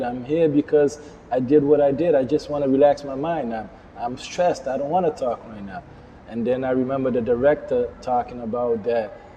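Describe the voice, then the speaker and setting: A middle-aged man from Verde, a Creole speaker, giving an earnest personal testimony as an interview guest in halting, repetitive phrasing. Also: medium pitch, mellow, a little hiss or hum. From Cape Verde. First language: Cape Verdean Creole. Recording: long reverb.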